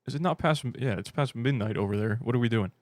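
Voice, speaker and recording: A British man hosts a fan channel livestream, chatting casually and joking as he answers viewer comments. He rambles, mocks himself, and restarts often, speaking fast in a mid-range voice with studio-quality sound and no echo.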